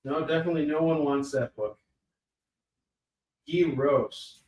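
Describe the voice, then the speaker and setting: Chatty man pitching comics, slightly high. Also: measured pace, a little mellow. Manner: sarcastic, joking, chatty with many fillers. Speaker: live shopping show host selling comics. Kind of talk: casual sales pitch.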